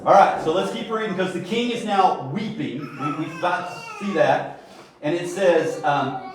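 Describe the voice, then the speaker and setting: A middle-aged man teaches a Bible study in a relaxed, talky way, with jokes and acted-out little scenes. His voice sits a little high. He sounds distant from the mic, in a very echoey room. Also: unhurried, a little hiss or hum. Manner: conversational, joking asides, acts out little scenes. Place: church room.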